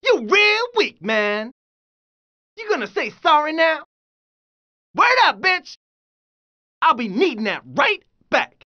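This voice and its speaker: A man's voice: extremely high pitch, sharp tone, lo-fi sound, full character voice. A young man voicing a brash, hot-headed street dancer as a video game pedestrian, with yelping slangy exclamations. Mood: taunting. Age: young adult.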